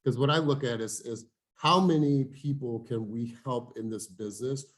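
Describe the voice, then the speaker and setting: A man's voice: mid-range voice, moderate pace. Hyped man leading a team call. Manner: energetic, hyped, repeats "you guys". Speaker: team leader hosting a coaching call. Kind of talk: motivational group coaching. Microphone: video call.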